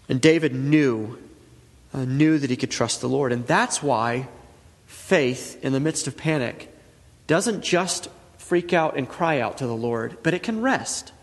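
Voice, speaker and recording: A man in his thirties preaches a sermon in an earnest, conversational manner, building his points through repetition. His voice sits a little high for a man. A long reverb from the church hall trails behind every phrase. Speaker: pastor.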